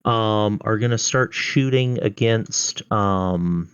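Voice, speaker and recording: A man's voice: fairly low pitch, takes it slowly, a bit bright, clean tone, dry recording, dull audio. A man running a tabletop game as dungeon master, narrating enemy turns with frequent ums and uhs. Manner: hesitant, many fillers.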